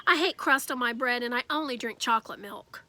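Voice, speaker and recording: A woman's voice: on the high side, a little fast, sharp tone. A woman voicing a fussy, whiny six-year-old boy who pleads and brags. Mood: boastful.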